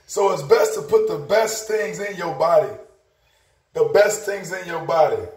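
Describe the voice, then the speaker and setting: A man gives an upbeat, preachy motivational vlog, often saying things twice. His voice sits high for a man. He is recorded in a roomy, echoing home kitchen. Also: measured pace, darkish tone, faint music behind. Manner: upbeat, preachy, repeats phrases. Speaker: vlogger and healthy-lifestyle promoter. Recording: roomy, echoey room.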